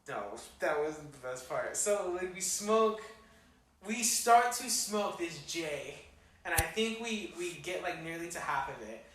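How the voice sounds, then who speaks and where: A young man telling a story on a casual podcast, slangy and animated, with plenty of swearing. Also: fairly high pitch, measured pace. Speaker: podcast co-host. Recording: echoey room, mic far off, faint noise.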